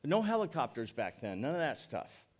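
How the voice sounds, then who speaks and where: A middle-aged man preaching a sermon as pastor, folksy and joking, leaning on words by slowing down. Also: medium pitch, sing-song. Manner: folksy, joking, emphatic preaching with slowed stresses.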